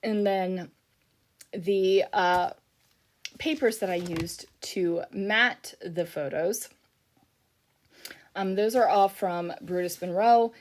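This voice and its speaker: A middle-aged woman with a mid-range voice chats casually in a voiceover for her scrapbooking YouTube video. She speaks slowly and pauses often, sounding tired and rambling, with frequent fillers and yawns.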